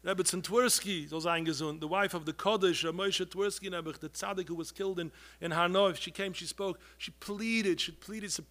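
High bright-voiced preaching man. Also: fairly even intonation, normal speed, hardly any pauses. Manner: pleading, rises to loud outbursts, heavy Yiddish and Hebrew terms. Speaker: rabbi giving a talk. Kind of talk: impassioned sermon.

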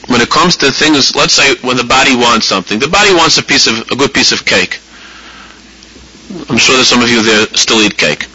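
Husky, forceful rabbi giving a lesson. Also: male voice, mid-range voice, dull audio. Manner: animated, repeats phrases, acts out inner voices. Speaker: rabbi teaching a class. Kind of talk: spoken religious lesson to a live audience.

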